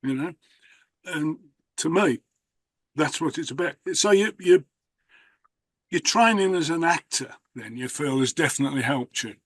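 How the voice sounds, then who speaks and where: A man's voice: a little high, animated, normal speed, long pauses, a bit bright, no room sound. Chatty male host, dry sound. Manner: rambling, anecdotal, with restarts. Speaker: host, magician. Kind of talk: casual conversation.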